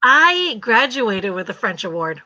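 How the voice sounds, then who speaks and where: A woman hosting a casual live chat, telling an animated story, laughing often and searching for words. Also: a little high, measured pace, dry recording, dull audio. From refugee from a communist country, raised in the US. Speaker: host.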